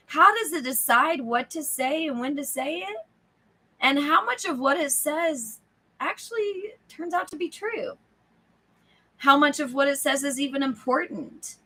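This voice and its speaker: Woman, book club host, casual read-aloud, bright voice, acts out lines. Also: sits high. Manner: animated, acts out the inner voice, laughs often; casual, checks in with listeners. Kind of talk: live book club reading with chat asides.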